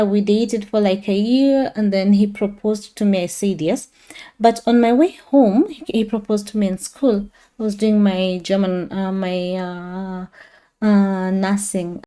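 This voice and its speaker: A woman's voice: medium pitch, dark tone, clean tone. A woman in her thirties telling a personal faith testimony in a rambling, casual way with many fillers and restarts. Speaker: testimony speaker.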